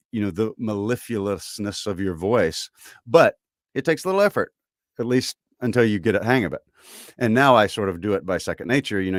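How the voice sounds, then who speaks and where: A man with a Southern American accent talking casually in a podcast conversation, relaxed and thoughtful, with trailing fillers and an unhurried drawl. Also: fairly low pitch, dry recording, studio quality. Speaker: voice actor guest.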